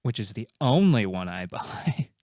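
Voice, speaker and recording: A man's voice: lowish voice, very animated, a little slow, a little mellow, no room sound, studio quality. A man hosting a comedic quiz show, reading out questions and answers in a playful, jokey, self-mocking way.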